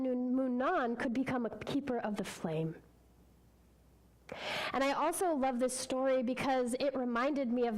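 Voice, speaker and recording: A woman's voice: high-pitched, a little mellow, poor audio. A woman speaker telling a parable in a sermon at a spiritual center, earnest and heartfelt. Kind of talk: sermon storytelling.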